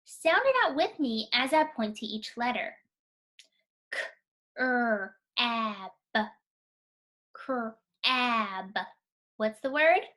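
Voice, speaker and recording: Slow, high-voiced kindergarten teacher. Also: female voice, lively intonation, a bit bright. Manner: slow, clear, encouraging, sounding out letters. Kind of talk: phonics lesson for young children.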